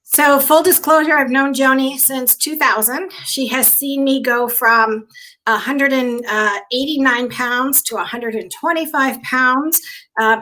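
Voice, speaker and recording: A woman hosting a live online show over a video call, excitable and emotional, greeting viewers by name. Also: high-pitched, slight background noise. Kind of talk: casual live-stream hosting.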